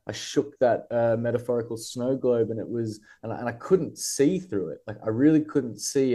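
A man's voice: medium pitch, warm tone. A man with an Australian accent, a guest writer talking casually in a podcast interview, rambling and thoughtful with many fillers and restarts.

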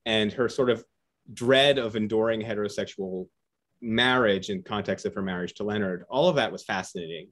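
A man interviewing an author on a video call, enthusiastic and halting, with frequent restarts. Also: fairly low pitch, fairly bright tone. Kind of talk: casual conversation.

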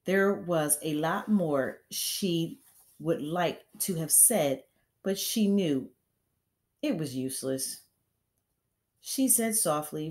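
Woman teacher, read-aloud chapter, low voice, slow and measured. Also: darkish tone. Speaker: teacher reading a novel aloud.

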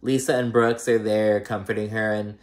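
Fairly low-pitched and speaking at normal speed with little pitch movement, a man gives a rambling, casual recap of a reality show episode. Fillers such as "like" and "girl" run all through his chatter.

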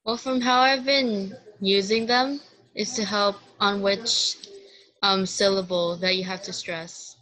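A woman student answering in an online class, hesitant and pausing with fillers. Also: mid-range voice, fairly even intonation, a bit bright, poor audio. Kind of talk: class discussion.

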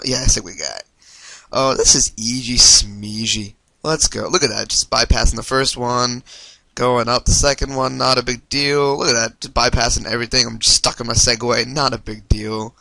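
A man hosting a let's-play video, reacting excitably and swearing when things go wrong. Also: medium pitch, normal speed, creaky, no echo. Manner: excitable, yelps and swears at mishaps. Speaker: gaming video host.

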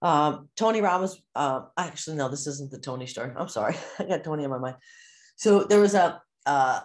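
A woman mindset coach giving an animated teaching talk to a course group, acting out the inner voices people hear. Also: sits low, a little fast.

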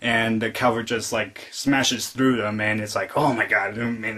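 Rambling young-sounding man reviewing a film. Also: mid-range voice. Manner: rambling retelling full of "like" fillers; excitedly re-enacts quoted lines. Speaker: movie reviewer. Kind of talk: casual spoken film review.

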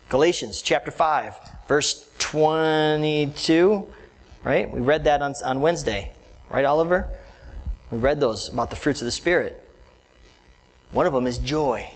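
A man delivers an animated, conversational sermon, talking straight to his congregation. His voice sits a little higher than most men's. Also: low-quality recording. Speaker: pastor.

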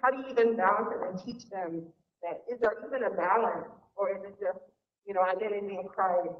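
A woman's voice: mid-range voice, brisk, a little hiss or hum. A woman in a church audience, emotional and hesitant, searching for words as she asks a question. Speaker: audience member asking a question. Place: church sanctuary. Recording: echoey, dull church recording.

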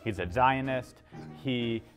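Slow-talking boastful man. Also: mid-range voice, faint music behind. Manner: boastful, exaggerated. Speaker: dating show contestant. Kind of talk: comedic over-the-top praise.

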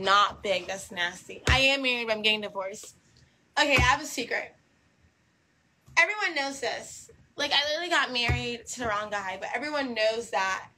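A woman's voice: a little high, sharp tone, a little hiss or hum, rough recording. A young woman in a casual monologue to camera, talking in a brash, combative and repetitive way and swearing freely.

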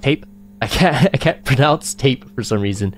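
A man giving live gameplay commentary as a streamer, excitable and panicky, laughing often. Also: medium pitch, normal speed. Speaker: game streamer.

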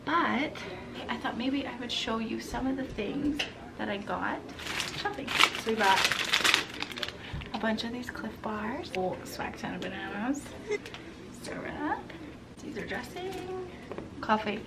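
A woman's voice: on the high side, animated, measured pace, gravelly, pauses often, very noisy. A woman recording a casual family vlog on a handheld camera, chatty and giggly, with a nasal voice from a cold, talking sweetly to her children. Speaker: family vlogger.

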